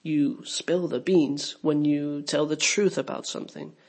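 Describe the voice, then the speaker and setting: A man narrating a scripted English lesson, explaining clearly and giving spoken examples. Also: on the high side, steady tone, a little slow, darkish tone. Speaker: English teacher.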